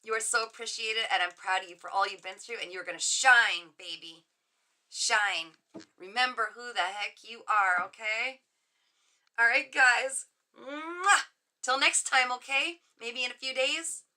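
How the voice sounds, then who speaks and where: A woman's voice: fairly high pitch, normal speed. A middle-aged woman hosting a casual livestream from her home office, chatting on and gushing at her viewers with frequent laughs. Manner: effusive, gushing and warm toward viewers. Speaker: livestream host and psychic reader. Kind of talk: casual livestream chat reading viewer comments.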